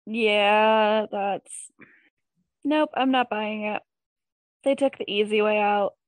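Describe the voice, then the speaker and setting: A woman's voice: mid-range voice, slow pace, no room sound. A woman co-hosting a casual podcast, giggly and playful, joking along. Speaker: podcast co-host. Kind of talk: casual chat.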